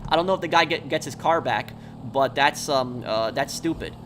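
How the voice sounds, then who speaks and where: A man's voice: fairly high pitch, moderate pace, noisy background. A man chatting casually on a gaming live stream, telling rambling stories and answering viewers' questions. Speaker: game streamer.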